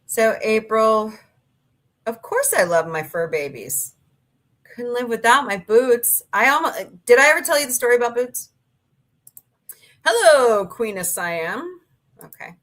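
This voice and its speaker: A middle-aged woman hosts a livestream, reading viewer comments and chatting casually while telling rambling stories with mild swearing. Her mid-range voice is slightly bright, unhurried, and often paused.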